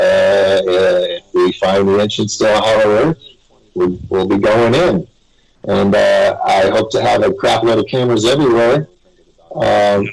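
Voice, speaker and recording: A man's voice: lowish voice, creaky, slightly rough, rough recording. A man guesting on a live web radio show, telling stories in a rambling, casual way and chuckling between them.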